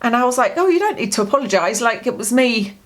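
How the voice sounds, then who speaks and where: A woman's voice: a little high, expressive, fast. A woman vlogging a personal grief diary, telling a long story in a candid, rambling way with many fillers, from home.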